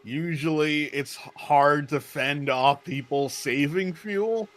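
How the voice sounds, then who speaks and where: A man's voice: fairly high pitch, takes it slowly, fairly bright tone. A man giving color commentary on a sim racing broadcast, offering short, agreeable analysis.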